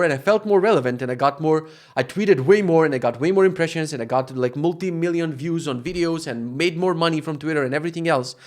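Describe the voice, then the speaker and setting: Fast-talking Eastern European man podcasting. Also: a little high. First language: Macedonian. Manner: rambling, profane, self-interrupting. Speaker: podcast host. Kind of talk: casual solo podcast monologue.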